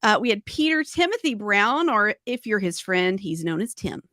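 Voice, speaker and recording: A woman's voice: mid-range voice, sing-song, moderate pace, sharp tone, dry recording, clean studio sound. A woman co-hosting a live-stream podcast, giggling as she runs through a list of guests. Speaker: podcast co-host. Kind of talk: casual live-stream chat.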